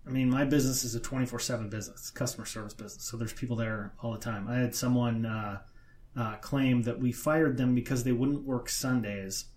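A man's voice: mid-range voice, fairly even intonation, fairly quick, a little mellow. A man chatting casually on a podcast, making dry sarcastic jokes. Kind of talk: casual chat.

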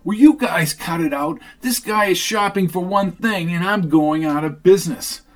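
A man voicing a sharp-tongued, free-spirited young woman who answers with sarcastic retorts. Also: high-pitched, moderate pace, voice pushed up, lightly acted.

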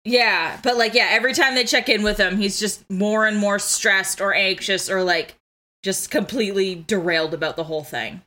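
A woman's voice: mid-range voice, moderate pace, bright, forceful tone. A young woman co-hosting a casual podcast, eagerly explaining poetic meter with lots of "like" and restarts. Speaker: podcast co-host. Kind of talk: casual chat with literary analysis.

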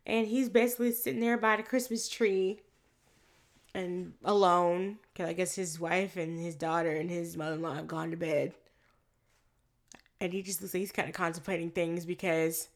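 A woman in casual chat recapping a film, animated and profane, acting out the characters' lines as she goes. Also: mid-range voice.

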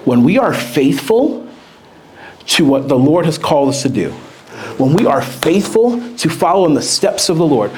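A man preaching a sermon, moving between steady scripture reading and lively, excited retelling. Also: a little high, normal speed, slightly rough. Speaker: pastor.

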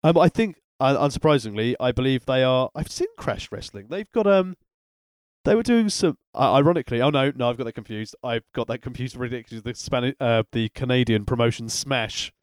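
A man co-hosting a wrestling podcast, full of dry wry jokes and hesitant pauses. His mid-pitched voice moves lively up and down. It is recorded close and dry. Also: clean tone, no room sound. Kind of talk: casual chat.

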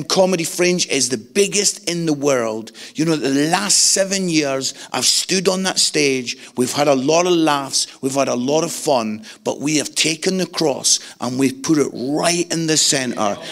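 A middle-aged man preaching a sermon, animated and jokey, acting out voices in his stories. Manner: animated, jokey, acts out voices with big pitch swings. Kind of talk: sermon with comic storytelling.

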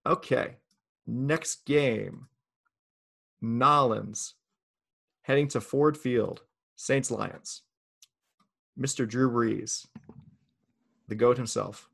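A man's voice: mid-range voice, drawn-out words, vocal fry, long pauses, fairly bright tone. A man hosting a casual fantasy football chat, running down the player list and teasing his co-host in a playful way. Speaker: podcast host.

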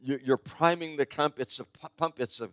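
A man's voice: a little high, moderate pace, no echo. An older man preaching a sermon in a conversational, storytelling way, stressing his key points. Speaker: pastor.

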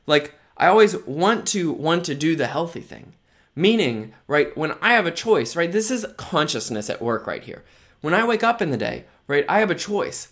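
A man's voice: fairly high pitch, big pitch swings, moderate pace, fairly bright tone. A tired man hosting his own podcast who talks in a rambling, upbeat way, full of "like" and "right?". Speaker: podcast host. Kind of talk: casual solo podcast monologue.

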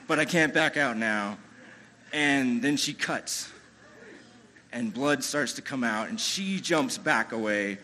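A man telling a personal story live on stage, chatty and animated, with lots of "you know" and restarts. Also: medium pitch, slow.

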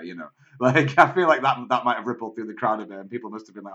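A man's voice: medium pitch, expressive, fast talker, few pauses, sharp tone. British male co-host, wry and jokey, casual banter, muffled recording. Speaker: podcast co-host. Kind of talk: casual comedic chat. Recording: muffled lo-fi podcast audio.

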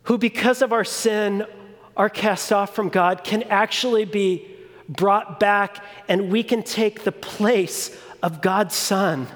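A man preaching a sermon in a deliberate, emphatic way, repeating phrases for weight. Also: high voice, fairly bright tone. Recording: long reverb of a large hall.

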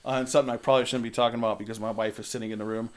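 A man's voice: on the low side, rapid-fire. A man telling crude, laughing stories in a casual chat. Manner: animated, laughing, crude storyteller.

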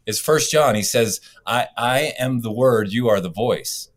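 A man's voice: medium pitch, a little slow. A man hosting a faith conversation who reacts enthusiastically and ties what he hears to scripture. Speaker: host. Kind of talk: faith talk show conversation.

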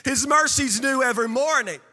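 High-voiced man preaching with fervor. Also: a little fast, in a large hall, faint music behind. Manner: impassioned preaching with sing-song cadence and shouted peaks. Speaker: pastor. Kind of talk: sermon.

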